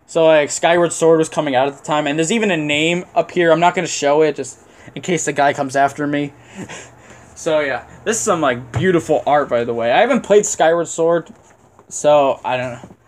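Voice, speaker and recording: A man with a somewhat high voice rambles through a casual haul video. He keeps admitting he doesn't know things, and fillers and small chuckles run through his talk. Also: normal speed. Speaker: video host. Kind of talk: casual game haul vlog.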